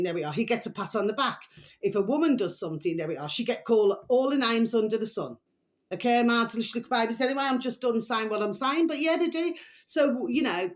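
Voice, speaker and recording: A middle-aged woman, rambling through a casual opinion monologue as a vlog host, chatty and emphatic, with repeated pet phrases. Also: a little high. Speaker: vlogger host.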